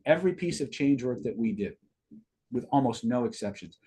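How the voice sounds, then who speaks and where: A middle-aged man talks casually on a live stream, answering viewers and drifting into a personal story. His voice is husky, at an average pitch for a man. He often restarts and repeats words as his thoughts catch up. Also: fairly quick. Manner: rambling, repeats words, rising excitement in story.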